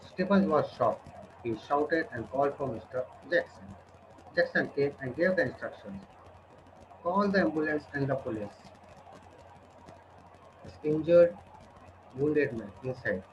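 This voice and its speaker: A man's voice: mid-range voice, noisy background. A male teacher, retelling a story to students in a conversational way and checking in with them. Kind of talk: storytelling lesson. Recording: dull lo-fi with cooing pigeons. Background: pigeons cooing.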